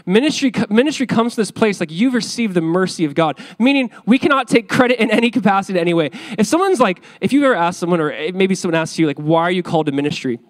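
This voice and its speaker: A man in his thirties preaching a sermon as pastor, conversational and animated, with repeated phrases. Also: sits high, fast talker, few pauses.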